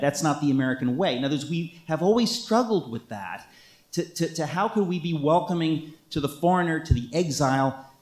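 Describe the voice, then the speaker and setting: A man's voice: on the high side, darkish tone, echoey room. A man speaking as an author, answering an audience question in an impassioned, emphatic way, often restarting his sentences. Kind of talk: talk with audience Q&A.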